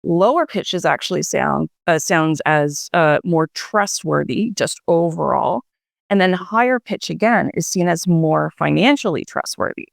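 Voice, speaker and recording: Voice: medium pitch, expressive, unhurried, gravelly, no echo, clean studio sound. A guest explaining voice research in a radio interview, talking it through with fillers and restarts.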